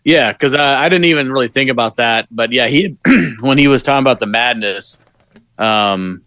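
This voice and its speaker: A man's voice: mid-range voice, moderate pace, bright, forceful tone, dry recording. A man co-hosting a casual podcast, mostly giving short agreeing replies and searching his memory. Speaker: podcast co-host.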